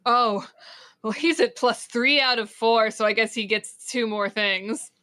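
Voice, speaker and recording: Woman game master narrating the game, lively, laughs a lot. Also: fairly high pitch, measured pace.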